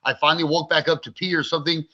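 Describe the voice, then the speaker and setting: A man in his forties, speaking as a podcast guest in a fairly high, sharp-edged voice. He tells his story bluntly and vividly, with plenty of swearing. The recording sounds dull and lo-fi. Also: flat delivery, racing. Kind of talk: candid interview storytelling.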